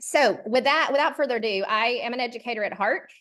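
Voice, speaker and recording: A middle-aged woman from Georgia speaks with a Southern accent, slightly high-pitched. She leads a workshop over a video call in a friendly, chatty way, with plenty of fillers. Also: fast talker, a bit bright. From Georgia, USA. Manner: friendly, many ums and uhs, says y'all. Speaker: charter school consultant leading a workshop. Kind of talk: virtual workshop presentation.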